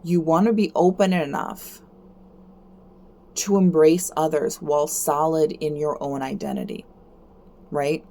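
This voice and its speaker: A woman hosting a card-reading stream, giving a casual motivational talk. She keeps asking "right?", repeats herself, and her voice jumps up high when she gets animated. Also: a little slow, pauses often.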